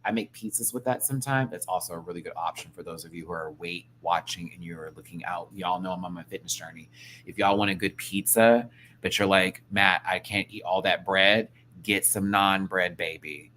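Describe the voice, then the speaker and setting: A man's voice: deep voice, brisk, a little hiss or hum. A man hosting a live stream, chatting casually and campily, reading the chat and mimicking people. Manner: animated and campy, mimics people, reads chat aloud. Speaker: live-stream show host.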